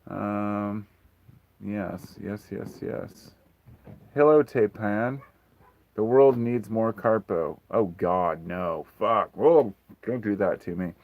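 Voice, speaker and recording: Deep-voiced man hosting a frank livestream. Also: takes it slowly, lo-fi sound. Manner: frank, rambling, swears freely. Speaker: livestream host. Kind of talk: casual livestream Q&A chat.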